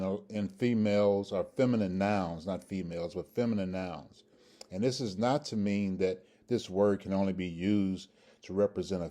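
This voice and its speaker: Low, mellow-voiced man teaching grammar. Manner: patient, repeats pronunciations several times with frequent "okay?" checks. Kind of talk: instructional video lesson.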